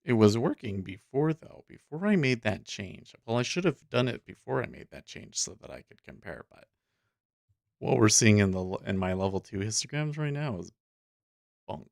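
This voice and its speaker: A man's voice: on the low side, animated, normal speed, vocal fry, a little mellow, dry recording. A man hosting a casual livestream, talking in a rambling, chatty way with frequent restarts, into a close desk mic. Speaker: host.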